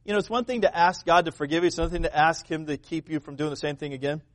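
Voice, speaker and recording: A pastor preaches in a folksy, conversational way, turning to the congregation with questions. His voice sits high for a man, and his intensity swells and drops through the sermon. The recording is dry and close. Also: steady tone, racing, no room sound.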